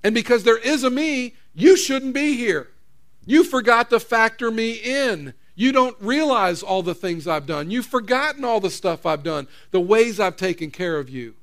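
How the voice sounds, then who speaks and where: A man's voice: extremely high pitch, moderate pace, heavily acted. A man voicing a patient, unruffled God. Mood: earnest. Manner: calm, matter-of-fact and reassuring.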